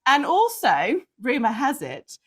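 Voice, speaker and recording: A woman co-hosting a podcast, chatting casually with quick laughing asides. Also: sits high, huge pitch swings, fairly bright tone. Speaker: podcast co-host and performance coach. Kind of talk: casual banter.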